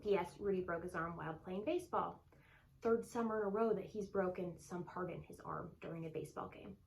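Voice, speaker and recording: A woman's voice: on the low side, fairly quick, gravelly, darkish tone, a little hiss or hum, poor audio. A woman in her thirties co-hosting a casual chat, telling candid stories and mimicking her child. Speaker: co-host.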